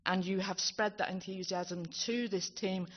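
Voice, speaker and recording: At a conference closing ceremony, a woman presents a live thank-you speech on stage using a handheld mic. Her voice is medium-pitched, steady in tone, and unhurried, though she's chatty, self-deprecating, and stumbles over words. The hall sounds dull, with the crowd behind.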